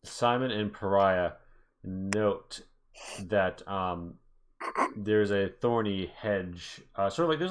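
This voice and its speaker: A man's voice: deep voice, takes it slowly, a little hiss or hum. A man running a tabletop horror game as game master, rambling and joking with many fillers.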